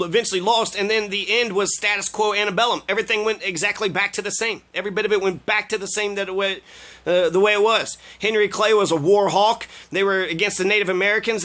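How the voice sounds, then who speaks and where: A man's voice: sits high, bright, forceful tone. A man giving sarcastic political commentary, swearing heavily and trailing off into fillers as he rants. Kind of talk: profane ranting commentary on played clips.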